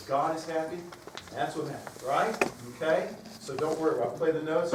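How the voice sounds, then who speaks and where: A man with a fairly high voice runs a choir workshop as its clinician, coaching the singers briskly in an upbeat, joking manner. He's heard over music in a large, reverberant hall with a piano, recorded from a distance so it sounds echoey.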